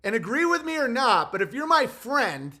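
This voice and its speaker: A man's voice: very high-pitched, very animated, moderate pace, bright, forceful tone. A male comedian delivering a heated, blunt and sarcastic ranting monologue.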